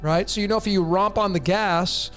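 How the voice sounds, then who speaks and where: A man's voice: high-pitched, normal speed, a bit bright, soft background music. A man hosting a live stream, answering viewer questions in a blunt, emphatic way and often repeating his phrases. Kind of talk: casual live-stream talk.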